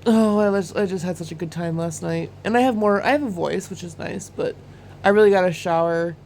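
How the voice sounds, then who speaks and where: A young woman vlogging in a casual chat, talking in an excited, rambling way with lots of "like" and "oh my God.". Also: fairly low pitch, a little fast, gravelly, a little hiss or hum. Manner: chatty and excitable, full of "like" and "oh my God"; bursts into laughter while recounting.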